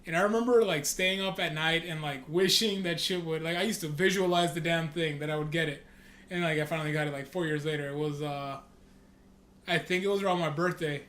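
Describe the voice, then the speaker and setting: A man co-hosting a podcast, telling animated stories in casual chat with lots of swearing. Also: a little high, fairly quick. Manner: animated, profane storyteller. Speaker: podcast co-host. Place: podcast room. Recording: echoey room with faint noise.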